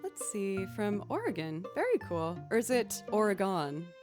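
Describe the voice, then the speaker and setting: A woman's voice: mid-range voice, big pitch swings, moderate pace, over music. A young woman streaming live, chatting casually with viewers, greeting them by name and laughing often. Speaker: streamer and musician.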